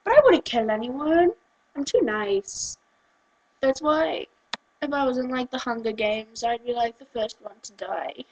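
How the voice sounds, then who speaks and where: High-voiced giggly English teen girl. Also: a little slow, slight background noise, rough recording. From England. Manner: chatty, giggly and off-topic, acting out quotes in lively voices. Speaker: vlogger. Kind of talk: rambling casual vlog rant.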